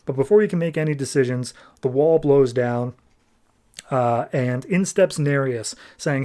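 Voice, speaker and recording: A man's voice: mid-range voice, a little slow, dark tone. A man hosting a podcast, recapping a comic book in a chatty, rambling way with fillers. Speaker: podcast host.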